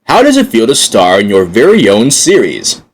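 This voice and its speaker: A man's voice: on the low side, huge pitch swings, moderate pace. A man hosting a scripted fan talk show with an upbeat announcer manner.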